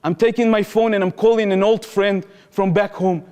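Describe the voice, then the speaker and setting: A man in his thirties, his voice sitting high for a man, speaks earnestly to a crowd. His slightly phrasing carries the story along. A long reverb from the large hall hangs on every word. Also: fairly even intonation, moderate pace, dark tone, smooth. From Israel. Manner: earnest, vivid, slightly non-native phrasing. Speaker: public speaker, former soldier. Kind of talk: personal storytelling talk.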